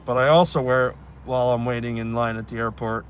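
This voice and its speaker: A man hosting a live stream outdoors in a city, telling stories in a casual, animated way. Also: medium pitch, quick pace, slight background noise. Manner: animated, acts out fans' voices. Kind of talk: casual storytelling chat.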